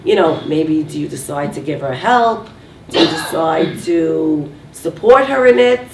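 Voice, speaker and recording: A woman giving a talk to a live audience, lively and full of rhetorical questions. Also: deep voice, unhurried, creaky. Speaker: speaker giving a talk on relationships. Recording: roomy, distant mic, faint noise.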